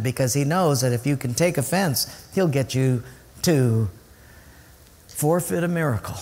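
A man preaching a sermon as pastor, storytelling and acting out the voices of people he quotes. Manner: animated, acts out quoted voices with big pitch jumps. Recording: long hall reverb.

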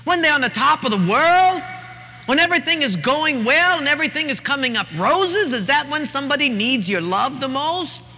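A man voicing a compassionate older Southern mother with a Southern accent, asking gentle questions, recorded in a reverberant hall with faint ambience. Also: very high voice, animated, moderate pace, a little hiss or hum, pitched above the performer's own voice, exaggerated voice. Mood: tender pleading. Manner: gentle pleading, rhetorical questions.

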